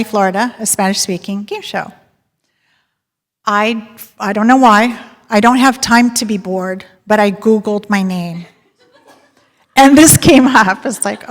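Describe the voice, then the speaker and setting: A woman giving a sales talk to a live audience, telling stories and polling the crowd with a lively, laughing manner. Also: a little high. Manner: lively storyteller, polls the audience and laughs often. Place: large hall with audience. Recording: long hall reverb.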